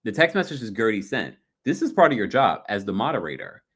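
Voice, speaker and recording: A man hosting a casual livestream recap, gossiping and reading viewer comments, often mimicking people in high voices. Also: very animated, brisk, fairly bright tone, husky. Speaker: recap show host.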